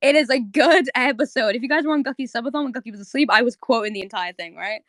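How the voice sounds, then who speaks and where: A woman's voice: a little high, fast talker, no room sound. A young woman hosting a live audio chat, rambling with many restarts as she recaps a favorite cartoon episode. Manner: rambling, fillers and restarts, excitable. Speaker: host. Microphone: streaming audio mic.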